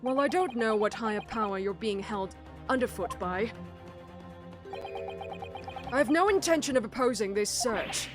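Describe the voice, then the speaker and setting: A woman voicing a cool, haughty male prosecutor in a courtroom game, measured and condescending. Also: on the high side, lively intonation, over music, close to an everyday voice. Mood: disdainful.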